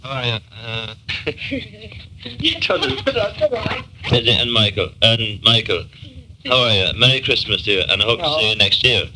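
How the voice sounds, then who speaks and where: A man's voice: mid-range voice, very animated, a little slow, long pauses, background noise. A man recording cheerful greetings to his family, with little laughs.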